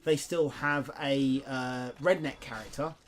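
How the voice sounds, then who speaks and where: A young British man co-hosting a game playthrough, easygoing and sweary, quick to agree. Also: mid-range voice, fairly even intonation, fairly bright tone. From United Kingdom. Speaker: let's play co-host. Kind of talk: casual gaming banter. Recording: faint background noise.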